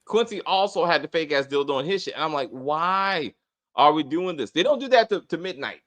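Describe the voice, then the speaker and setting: A middle-aged man hosting a casual TV review chat, rambling, swearing and talking in an animated way. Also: a little high, fast talker. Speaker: TV review host.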